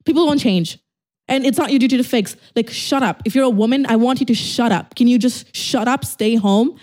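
A woman's voice: fairly high pitch, a little mellow. A young woman whose first language is not English, hosting a casual solo podcast, blunt and swearing, acting out little dialogues. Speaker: podcast host.

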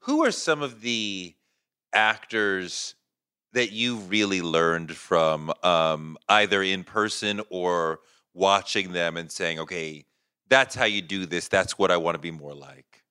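A man hosting an interview show, asking questions and reading a sponsor ad in a measured way. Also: deep voice, sharp tone, clean tone, no room sound, studio quality. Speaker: podcast host.

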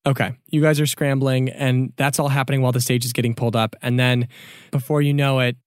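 A man's voice: mid-range voice, flat delivery, clear, resonant tone, no room sound, studio quality. A man narrating a tabletop game as game master in a casual, upbeat way. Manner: casual and upbeat, with quick bursts.

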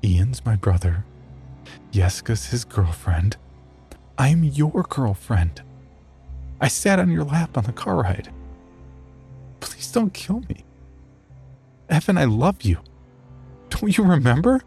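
A man's voice: medium pitch, sing-song, slow pace, pauses often, mellow, faint music behind, pitched above the performer's own voice. A man voicing a frightened young woman who pleads desperately with her boyfriend.

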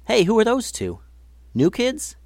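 A man voicing a cheeky girl who teases her brother, in a bright, bouncy voice. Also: a little high, very animated, normal speed, no room sound, pitched above the performer's own voice. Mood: playful.

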